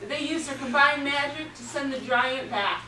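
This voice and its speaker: A woman's voice: high-pitched, steady tone, normal speed, sharp tone. A woman improvising a silly story, rambling and playful and often giggling, recorded from a distance in a roomy, noisy space.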